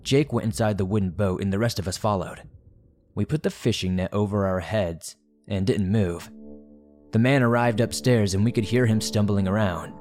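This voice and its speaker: Male horror narrator, lowish voice, steady scripted reading, faint music under. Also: normal speed.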